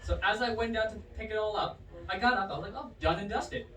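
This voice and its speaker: A man doing a stand-up comedy set at a bar comedy night, animated and swinging his pitch hard for punchlines. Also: quick pace, heavy background noise. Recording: roomy, distant bar recording with audience. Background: crowd laughter.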